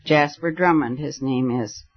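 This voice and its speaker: A man voicing a calm, commanding gentleman who gives orders in a story reading. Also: medium pitch, a little slow, husky, highs cut off.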